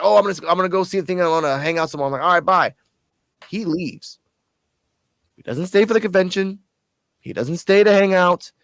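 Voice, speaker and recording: A man from Puerto Rico telling a story in a casual, animated vlog, cursing freely and sounding a little tipsy. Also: fairly high pitch, dry recording. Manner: profane, animated, excited storytelling. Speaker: channel host.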